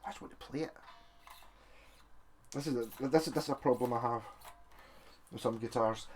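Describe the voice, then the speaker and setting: A man's voice: medium pitch, normal speed, pauses often, breathy edge. A man thinking aloud in chatty, self-mocking commentary while he works on a guitar. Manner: chatty and self-mocking, talks while working with his hands. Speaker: guitar tinkerer, video maker.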